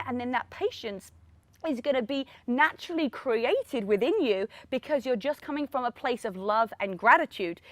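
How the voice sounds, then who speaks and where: An energetic woman speaks in a fairly high voice, hosting a motivational podcast on her own. She talks in a lively, encouraging way, often checks in with "right?" and laughs now and then. The sound is close and dry, with no room around it. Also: no room sound. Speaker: podcast host. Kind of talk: motivational solo podcast talk.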